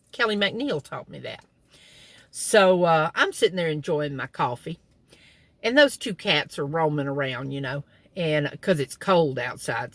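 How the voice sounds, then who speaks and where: A woman's voice: sits low, fairly bright tone, dry recording. A middle-aged woman telling folksy family stories in a casual vlog, chuckling as she talks, sitting in a car. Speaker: vlogger. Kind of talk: casual storytelling.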